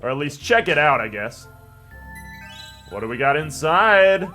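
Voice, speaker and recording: A man's voice: on the high side, sing-song, unhurried, bright, forceful tone. Young man rambling over a game, faint music. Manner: rambling, jokey, reads game text in voices. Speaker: gaming channel host. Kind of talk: let's play commentary, reading dialogue aloud.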